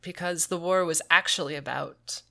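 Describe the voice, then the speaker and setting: A woman's voice: fairly low pitch, normal speed, creaky, bright, forceful tone. A woman co-hosting a casual gaming podcast, sarcastic and casually swearing. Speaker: podcast co-host.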